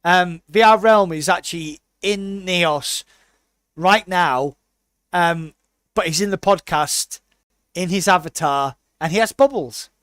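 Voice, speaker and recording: A British man with a notably high speaking voice, chatting casually on a podcast. He tells stories with energy and slips into quick impressions of the people he describes. The sound is dry and close. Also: smooth, no echo. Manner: animated storyteller, puts on quick voices for people he quotes. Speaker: podcast co-host.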